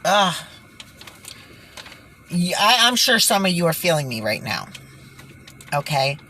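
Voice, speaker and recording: A woman's voice: sits low, a bit bright, slight background noise. A woman hosting her own channel, talking in an exasperated, indignant way, sighing and stumbling over words as she reads from news reports. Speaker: channel host. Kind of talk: indignant vlog commentary.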